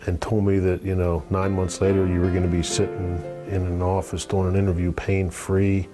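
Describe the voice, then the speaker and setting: A middle-aged man giving a halting testimonial in an interview, with many fillers and restarts. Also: sits low, monotone. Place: office. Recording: guitar music playing clearly underneath.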